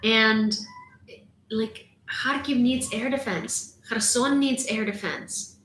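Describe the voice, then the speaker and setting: A woman's voice: a little high, takes it slowly, a bit bright, slight background noise. A young woman from Ukraine, hosting a casual news livestream, talking indignantly with lots of fillers. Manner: indignant, talkative, many fillers. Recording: echoey room.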